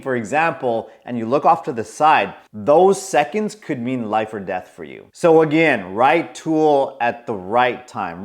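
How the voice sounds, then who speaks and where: A man in his forties telling a story to camera in a casual, animated way, acting out the voices of the people in it. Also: medium pitch. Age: 40s. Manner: animated, acts out quoted voices. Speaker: coach.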